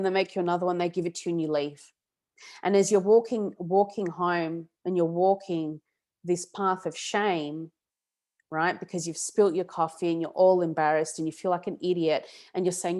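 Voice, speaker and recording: A woman hosting a webinar on emotional healing, chatty and animated, often checking in with "yeah?" and "okay?". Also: lowish voice, moderate pace. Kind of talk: casual talk to a webinar audience.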